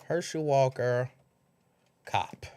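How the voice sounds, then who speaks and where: A mid-range, smooth voice belongs to a man hosting a casual late-night livestream, and he takes his time speaking. He's chatty and animated, given to repeating lines, laughing, and imitating others.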